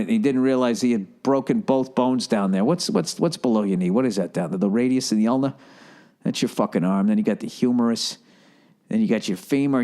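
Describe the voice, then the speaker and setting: A man's voice: medium pitch, darkish tone. A man hosting a solo podcast in a rambling, profane monologue with sarcastic asides. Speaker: podcast host.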